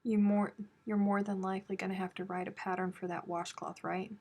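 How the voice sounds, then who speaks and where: A woman's voice: medium pitch, flat delivery, brisk, darkish tone. A woman hosting a crochet live stream from home, chatting casually and teasing her viewers. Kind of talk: casual chat reading viewer comments.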